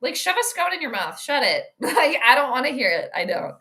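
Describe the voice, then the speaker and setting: Commentating a football match on a casual stream, a woman talks fairly quickly in a slightly high voice. She's full of chatter and excitement, laughing a lot and reading viewer messages aloud.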